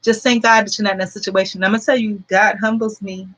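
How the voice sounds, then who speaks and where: Woman in her forties, bright clear voice, earnest rambling vlog talk, lots of fillers. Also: mid-range voice, steady tone, quick pace, a little hiss or hum, low-quality recording. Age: 40s. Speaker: vlogger. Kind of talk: casual storytelling to viewers.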